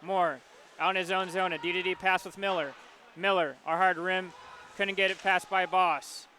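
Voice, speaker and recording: Play-by-play man, high bright voice, flat delivery, hockey call. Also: slight background noise. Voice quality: quick, rhythmic calling of the action. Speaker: play-by-play announcer. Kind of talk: live hockey play-by-play commentary.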